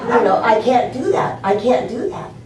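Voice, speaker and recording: A woman's voice: a little high, lively intonation, normal speed, distant mic, a loud crowd, pitched above the performer's own voice, natural voice. A woman voicing a male god who refuses his wife and then gives in, placating her, recorded in a roomy space from afar. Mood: reluctant. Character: male god husband, reluctant and giving in.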